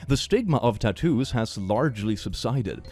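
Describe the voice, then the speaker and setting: A man's voice: lowish voice, lively intonation, moderate pace, a little mellow. A man hosting comedic reaction commentary in a playful, sarcastic manner, laughing often. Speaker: host.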